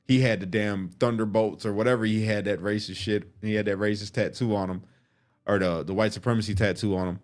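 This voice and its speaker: Guy telling a wild story, low-ish voice, cussing a lot, acts out the quotes. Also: fairly quick. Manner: profane, animated, acts out quotes. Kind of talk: casual storytelling.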